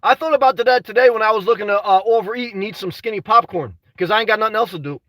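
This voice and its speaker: A young man on a casual livestream, reading chat aloud and talking restlessly, tacking "man" onto almost every line and now and then rising to shouts. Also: high voice, quick pace, no room sound, far from the mic. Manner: restless, says "man" constantly, swings to shouting. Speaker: vlogger reading live chat.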